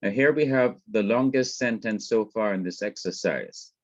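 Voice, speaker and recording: A man teaching a Hebrew grammar lesson, explaining step by step in a slow, methodical way and often repeating words as he goes. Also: on the low side, no echo. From Jamaica. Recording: dry, dull lo-fi recording.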